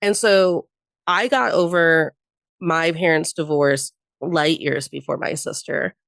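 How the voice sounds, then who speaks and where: A woman's voice: low voice, takes it slowly, gravelly, a bit bright, no room sound. A young adult woman on a podcast, telling personal stories candidly with frequent laughter and the odd swear. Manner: candid storytelling, laughs often, swears freely. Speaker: podcast guest. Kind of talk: casual chat.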